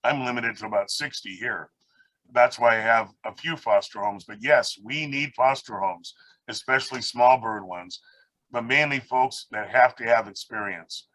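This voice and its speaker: A man's voice: medium pitch, moderate pace, a bit bright, no echo, poor audio. A man on a video call telling long rambling stories about his life and his birds, acting out the people he quotes. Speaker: guest speaker, parrot rescue founder. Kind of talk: casual storytelling on a video call.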